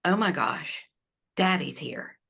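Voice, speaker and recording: A woman voicing her elderly dying father, wonder-struck and tender, in a raised, slowed voice. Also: low-pitched, lively intonation, gravelly, bright, forceful tone, husky, exaggerated voice. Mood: awed.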